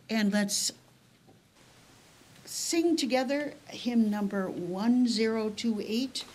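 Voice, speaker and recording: A woman leading the spoken liturgy in a church service, gentle and unhurried. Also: a little high, crowd noise. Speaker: worship leader. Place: church sanctuary.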